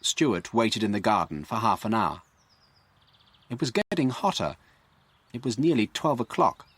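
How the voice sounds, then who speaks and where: A man narrating a graded story for English learners in a clear, deliberate way. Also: fairly low pitch, lively intonation, fairly bright tone, no room sound. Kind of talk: slow scripted story narration.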